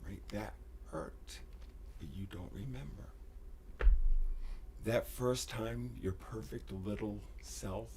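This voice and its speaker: A man hosting a livestream, talking intensely, often sinking into whispers and bursting into shouts, rambling and swearing. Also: lowish voice, slow, pauses often, noisy background. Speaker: livestream host. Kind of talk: emotional livestream monologue. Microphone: desk USB microphone.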